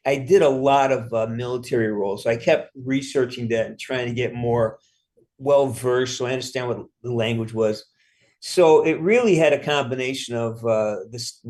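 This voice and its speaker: A middle-aged man answering interview questions in a loose, rambling way. He restarts his sentences often and drops casual swear words, with a voice of ordinary pitch for a man. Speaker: actor interview guest.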